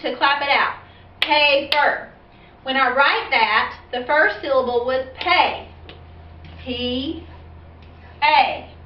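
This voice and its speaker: A woman teacher giving a phonics lesson for parents and children, explaining slowly and patiently and asking questions as she goes. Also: high-pitched, slight background noise. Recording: echoey, dull, distant from the mic.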